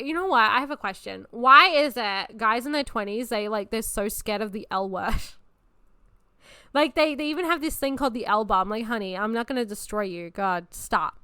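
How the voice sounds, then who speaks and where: A woman's voice: a little high, clear, resonant tone, no echo, studio quality. A woman in her twenties hosting a podcast, talking in a blunt, casual way and swearing freely. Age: 20s. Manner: blunt, profane and animated. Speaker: podcast host. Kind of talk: casual chat.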